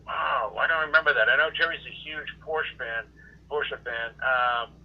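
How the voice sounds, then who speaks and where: A man's voice: mid-range voice, moderate pace. A male podcast guest in casual chat, talking hesitantly with many fillers as he recalls things. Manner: hesitant, many ums and uhs. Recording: phone-like call audio.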